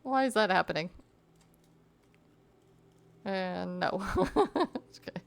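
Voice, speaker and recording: A woman's voice: on the low side, expressive, takes it slowly, gravelly, clean tone. A young woman streamer chatting casually with her viewers while crafting, reading chat aloud and giggling often.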